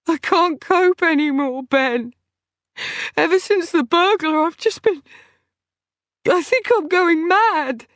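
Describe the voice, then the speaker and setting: A woman reading the lines of a distraught young female journalist, tearful and sharp. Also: on the high side, slow pace, smooth, dry recording, studio quality, pitched above the performer's own voice. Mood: sobbing. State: crying. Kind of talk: audiobook character voice.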